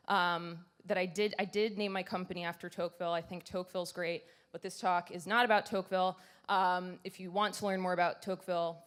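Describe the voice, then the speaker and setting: A woman's voice: lowish voice, fairly bright tone. Lady giving a conference talk on stage, chatty, pokes fun at herself, says um a lot. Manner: conversational and self-deprecating, many fillers. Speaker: conference speaker.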